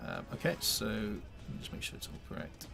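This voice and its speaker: A man's voice: lowish voice, wildly swooping pitch, fairly quick, vocal fry, over music. A man narrating as game master of a tabletop game, hesitant, with many fillers and restarts.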